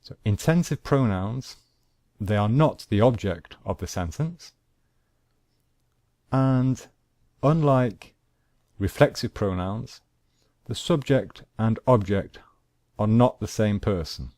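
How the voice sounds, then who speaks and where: Male teacher, low voice, measured and unhurried grammar lesson, dry close sound. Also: expressive, a little mellow, no room sound. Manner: slow, deliberate, repeats examples. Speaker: English teacher.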